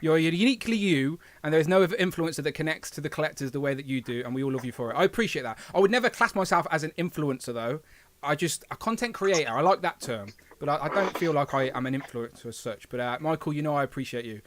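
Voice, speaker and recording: A man's voice: on the high side, lively intonation, fast talker, no room sound. A man from England with a Coventry accent, hosting a casual live stream, chatty and self-deprecating and laughing often. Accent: English, Coventry.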